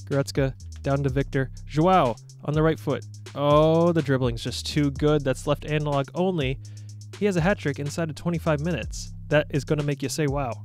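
Excitable young man commenting on gameplay. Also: fairly high pitch, normal speed, faint music behind. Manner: playful, self-mocking, excitable bursts while playing. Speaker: gaming YouTuber.

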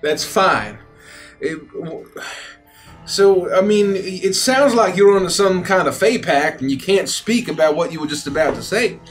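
A man player in character, polite and exasperated, stumbling over his words. His voice is high and lively, with soft music beneath. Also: a little slow. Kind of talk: in-character role-play.

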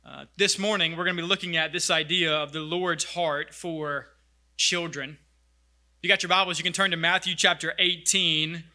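Bright-voiced pastor preaching earnestly. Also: male voice, on the high side, fairly even intonation, moderate pace. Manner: earnest, reflective preaching with reading aloud. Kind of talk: sermon.

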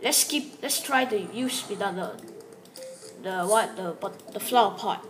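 A woman's voice: medium pitch, unhurried. A woman giving casual gameplay commentary in rambling, broken English, chatting to herself and the viewers as she plays. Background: game music.

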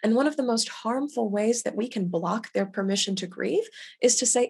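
A young adult woman hosting a webinar on loss, speaking gently and with validation as she reads out chat comments over a video call. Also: on the high side, animated, normal speed, gravelly, slightly rough. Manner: gentle and validating, quotes others' words aloud. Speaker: grief educator hosting a webinar.

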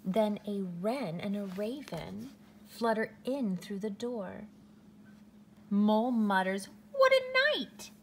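A woman reading a picture book aloud to a child in a gentle, drawn-out way with soft whispered passages. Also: medium pitch, a little hiss or hum. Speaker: storytime reader.

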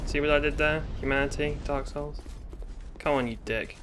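A man's voice: on the high side, fairly even intonation, normal speed, background noise. British man swearing through game commentary. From Britain. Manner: swearing, exasperated running commentary with sudden outbursts. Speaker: gaming YouTuber. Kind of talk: let's play commentary.

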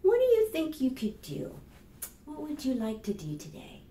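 A woman librarian leading a children's storytime, reading aloud in an animated, sing-song way and talking straight to young children. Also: sits high, normal speed, reverberant, a little hiss or hum.

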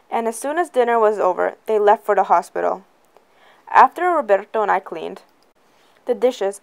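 A woman reading a first-person novel aloud in a plain, even way. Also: medium pitch, gravelly. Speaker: reader.

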